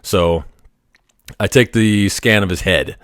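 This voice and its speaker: A man's voice: on the low side, slow, a bit bright, smooth, dry recording, studio quality. A man who works as a Navy X-ray tech, telling stories casually with a laid-back, profane, rambling manner full of fillers. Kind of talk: casual storytelling vlog.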